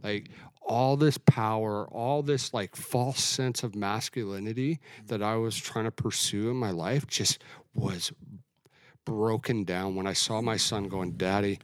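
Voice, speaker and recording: A middle-aged man from Canada giving an earnest, reflective personal testimony in an interview, often halting and restarting. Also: fairly low pitch, steady tone, no echo, clean studio sound. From Alberta, Canada. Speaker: guest sharing testimony.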